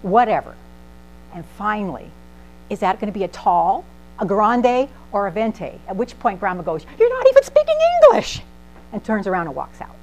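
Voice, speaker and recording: A woman's voice: medium pitch, normal speed, poor audio. A middle-aged woman pharmacist giving a humorous talk, acting out voices in her stories. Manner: animated, acts out voices in anecdotes. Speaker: pharmacist speaker. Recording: faint mains hum.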